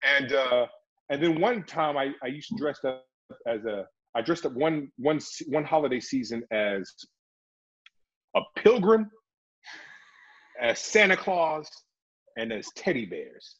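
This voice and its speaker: Husky-voiced man telling stories. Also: medium pitch, a little slow, pauses often, dull audio. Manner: animated, chatty, slips into voices. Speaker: actor and guest. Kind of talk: casual interview storytelling.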